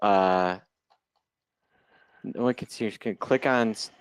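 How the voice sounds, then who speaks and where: A man's voice: on the low side, slow pace, a little hiss or hum. A man in his forties from Chicago, giving a loose, joking live webinar talk as an options trader over a video call mic. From Chicago, United States. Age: 40s. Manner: chatty and joking, loose unscripted delivery. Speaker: guest presenter, options trader.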